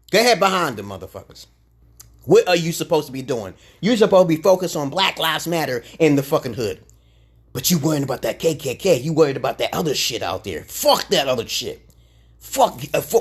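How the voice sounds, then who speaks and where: Husky profane man ranting loud then low. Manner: profane, confrontational, swinging between loud outbursts and low mutters. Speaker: livestream host. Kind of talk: ranting livestream monologue.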